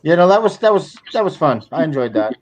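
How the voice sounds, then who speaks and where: A man's voice: on the high side, sing-song, quick pace, slight background noise. A man co-hosting a casual chat, easygoing and agreeable. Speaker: co-host.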